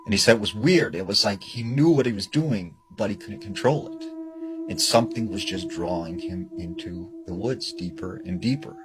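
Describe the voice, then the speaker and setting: A man's voice: lowish voice, animated, normal speed, poor audio. A man casually retelling a scary story he heard, loose and chatty with lots of fillers. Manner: loose and chatty, full of "you know" and "like". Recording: music bed under the voice.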